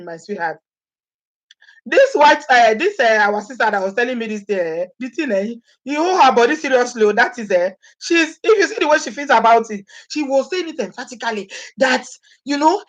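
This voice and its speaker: A woman from Nigeria with a Nigerian accent, chatting animatedly to her viewers, laughing often and acting out what people say. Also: sits high. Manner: animated, laughing often, acts out quoted speech. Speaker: vlogger. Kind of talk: casual chat to live viewers.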